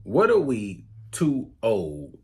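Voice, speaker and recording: A man's voice: mid-range voice, wildly swooping pitch, slow, vocal fry. A man co-hosting a podcast in casual chat, giving short agreeing replies and asking the questions. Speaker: podcast co-host.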